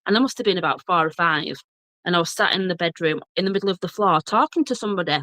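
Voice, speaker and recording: A woman's voice: on the low side, fast talker, sharp tone, no echo. A woman in her thirties with a broad Yorkshire accent, a chatty guest who laughs often and tells ghost stories from her childhood. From Bradford, Yorkshire, England. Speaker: guest, blogger and journalist. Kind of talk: casual storytelling chat.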